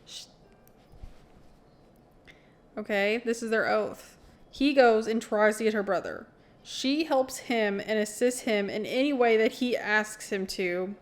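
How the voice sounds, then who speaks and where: A woman's voice: mid-range voice, a little slow. A woman reading passages from a novel aloud in a casual vlog, giggling often and adding blunt commentary that swears freely. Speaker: book vlogger.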